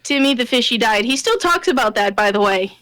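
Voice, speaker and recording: A woman co-hosting a casual chat show, talking in a high, bright voice and laughing easily. Her sound is dry and close to the mic. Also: animated, fairly quick, no room sound, rough recording. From Nebraska.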